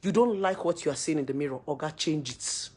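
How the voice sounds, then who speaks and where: A woman with a Nigerian accent delivers an opinionated rant straight to camera. Her voice is husky and a little breathy. She hammers her points home with repeated rhetorical questions and a preachy, forceful delivery. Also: low voice, brisk. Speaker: social media commentator.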